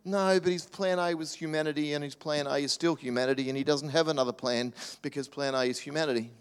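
A man preaching a sermon in a church, animated, acting out voices and dropping to soft near-whispers. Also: on the high side, quick pace, smooth. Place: church hall. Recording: reverberant hall.

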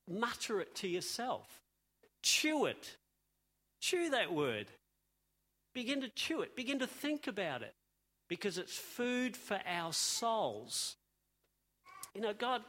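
Animated male preacher giving a sermon. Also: fairly high pitch. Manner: animated, rhetorical questions, repeats phrases for emphasis.

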